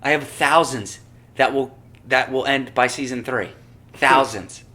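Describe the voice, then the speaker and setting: A man's voice: mid-range voice, a little slow, bright, forceful tone. A young adult man co-hosting a casual podcast, swearing a lot and working himself up into rants. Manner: profane, ranting, gets worked up. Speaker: podcast co-host.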